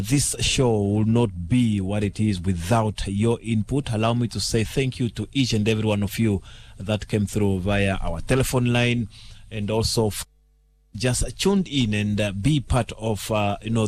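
A male radio host wraps up a late-night talk show. His voice sits a bit low, and he stumbles through his phrases with many fillers and repeated words. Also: a little mellow.

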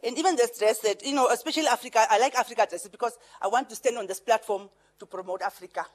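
Middle-aged Namibian woman, lively speech. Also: fairly high pitch, fast talker. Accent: Namibian English, Herero and Afrikaans influenced. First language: Herero. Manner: lively, laughing asides, repeats words. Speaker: veteran broadcaster and pageant director. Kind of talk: farewell speech.

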